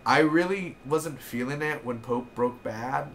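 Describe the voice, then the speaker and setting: A young man giving an excitable, rambling casual review of a TV episode, with lots of fillers. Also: medium pitch, a little slow, a little hiss or hum.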